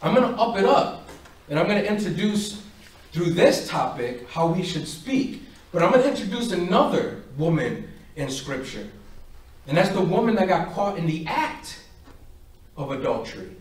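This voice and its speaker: Heard distantly in an echoey hall, a parish speaker with a high voice talks at normal speed. His faith talk is animated, filled with stories where he acts out every voice on both sides.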